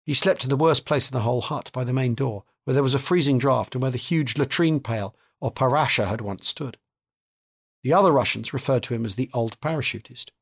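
A man narrating a novel as an audiobook reading, with measured, steady delivery. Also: medium pitch, slightly rough.

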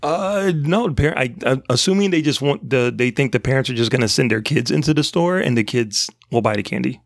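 A man's voice: mid-range voice, fairly quick, creaky, dry recording, studio quality. A man co-hosting a casual movie podcast, rambling and laughing often. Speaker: podcast co-host. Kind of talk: casual movie review chat.

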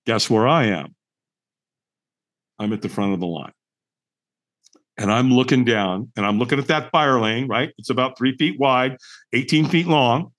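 A middle-aged man, a podcast guest, telling a personal story in an animated, emphatic way and acting out the dialogue. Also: medium pitch, measured pace, long pauses. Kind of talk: storytelling in conversation.

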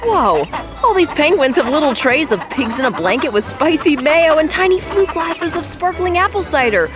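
A woman playing an eager, excitable co-host in a scripted kids' comedy podcast. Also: sits high, moderate pace, over music. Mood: cheerful. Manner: bubbly, eager and easily excited. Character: cheerful, excitable adult woman named Mabel.

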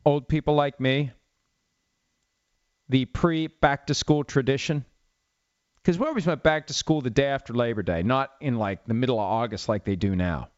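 A man's voice: medium pitch, normal speed. A middle-aged man hosting a football talk show, telling stories in a rambling, wry, sarcastic way. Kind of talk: casual sports commentary monologue. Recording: slightly dull lo-fi audio.

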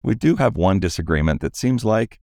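Tired gravelly man with a very low voice. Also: expressive, brisk, darkish tone, no room sound, studio quality. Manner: upbeat, promotional, question-driven. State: tired from a late flight. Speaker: podcast co-host. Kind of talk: casual podcast chat.

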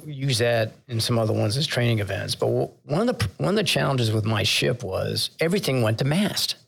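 Retired officer, older man, gravelly, candid storyteller who laughs at himself, mid-pitched. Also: a bit bright. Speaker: retired vice admiral, podcast guest. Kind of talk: conversational storytelling interview.

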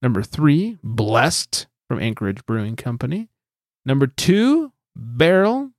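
Lively-voiced podcast host, joking and profane. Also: male voice, medium pitch, slow, dry recording. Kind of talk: casual podcast chat with a countdown list.

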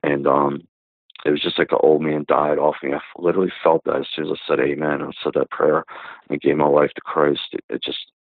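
Very deep-voiced man on a phone line. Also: flat delivery, brisk, dry recording. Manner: rambling, many fillers and restarts. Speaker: guest giving a testimony. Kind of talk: casual spoken testimony. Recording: tinny phone-line sound, dry.

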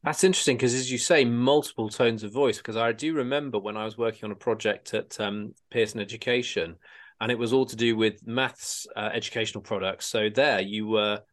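A man co-hosting a podcast in casual chat, often halting and repeating words as he goes. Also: fairly low pitch, steady tone. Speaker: podcast co-host.

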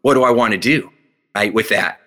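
This man, a hypnotist who also gives talks, is a guest in an interview, spinning animated stories. He voices other people's lines with dramatic pitch leaps, full of energy, then slows into calm, guided instruction for a breathing exercise.

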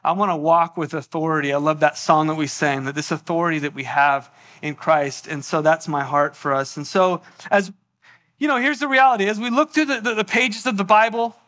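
Animated, high-voiced man preaching a sermon. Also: fairly quick. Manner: animated storytelling, acts out voices. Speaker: pastor. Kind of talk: sermon with personal story.

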